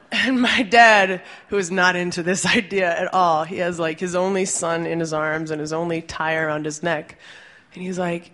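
Woman storyteller, live stage, low-ish voice, chatty and amused. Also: unhurried. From Puerto Rican family. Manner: lively, conversational, laughs through the story.

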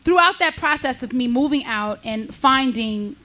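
A woman in her thirties doing stand-up, telling a personal story with candid, animated delivery. Her voice sits fairly high, and she laughs between lines. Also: normal speed, background noise. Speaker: stand-up comedian.

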